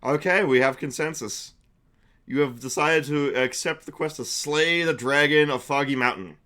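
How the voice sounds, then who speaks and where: A man's voice: a little high, moderate pace, pushed and bright. A young man narrating a tabletop game for a live-stream chat, chatty with frequent fillers and laughs.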